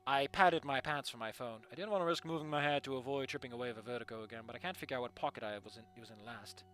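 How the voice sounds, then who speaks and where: A man reading a story aloud and breaking off with animated, sarcastic asides to the characters. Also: medium pitch, very fast. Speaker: fanfiction reader.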